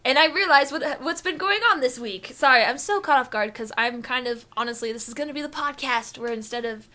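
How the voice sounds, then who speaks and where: A woman's voice: sits high, brisk, sharp tone. A young woman co-hosting a gaming podcast, rambling and joking in a goofy, self-mocking way. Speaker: podcast co-host. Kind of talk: casual chat.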